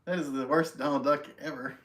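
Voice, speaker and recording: A man's voice: on the high side, fairly even intonation, brisk, fairly bright tone. A man hosting a casual live stream at home, greeting viewers by name and chatting in a friendly, self-deprecating way. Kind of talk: casual chat reading viewer comments.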